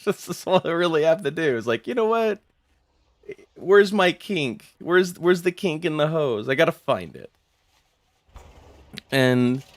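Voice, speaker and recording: A man's voice: mid-range voice, no room sound. Male streamer, casual rambling chat, swears freely, dry close sound. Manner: rambling, profane, laughs often, many restarts. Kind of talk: casual chat while gaming.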